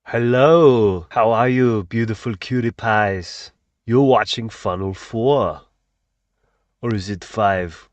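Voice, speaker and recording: A man's voice: fairly low pitch, takes it slowly, no room sound, pitched below the performer's own voice. A man impersonating a jovial, teasing Austrian-accented bodybuilder action star.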